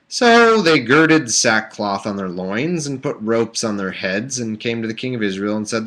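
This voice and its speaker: A man's voice: medium pitch, lively intonation, unhurried, a bit bright. A man hosting a livestream, reading Bible passages aloud in a mock-solemn voice and breaking off into sarcastic jokes. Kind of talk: casual reading with joking asides. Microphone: webcam or desk mic on a home livestream.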